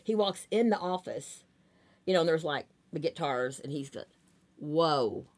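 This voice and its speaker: A woman with a drawl tells loose, rambling stories as a guest in a casual interview. Her voice sits low for a woman, and she leans on plenty of fillers as she goes. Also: animated, a little slow, a little mellow. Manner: chatty, rambling anecdotes with many fillers. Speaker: talent agent, guest.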